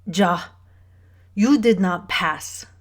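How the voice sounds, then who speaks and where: A woman voicing a stern, bossy elderly nun with a heavy German accent, speaking slowly with deep, guttural, carefully spaced words. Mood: commanding. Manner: slow, emphatic, commanding.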